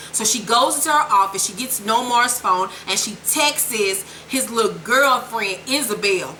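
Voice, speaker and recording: A woman's voice: on the high side, lively intonation, normal speed, hardly any pauses, pushed and bright. A woman giving a brash, sassy, profane recap of a TV episode, recorded in an echoey room with faint hiss. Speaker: TV recap vlogger.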